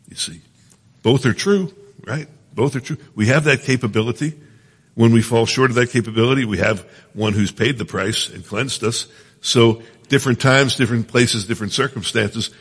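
Low husky preacher in a reverberant hall. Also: male voice. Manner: earnest, asks the listeners often, many restarts. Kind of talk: conversational Bible teaching.

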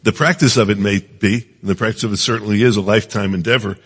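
Earnest and conversational, this middle-aged man preaches from the Bible, repeatedly asking his audience questions and frequently starting over. He talks fast in a fairly low, steady, breathy voice. The recording carries long hall reverb.

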